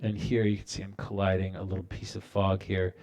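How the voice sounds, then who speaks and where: A man with a fairly low voice walks viewers through his work on a live stream. He talks in a loose, relaxed way, full of ums and restarts, as he clicks through files on his computer. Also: fairly quick. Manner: relaxed, rambling, many fillers and restarts. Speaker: animator hosting a live stream. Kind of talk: casual live-stream tutorial.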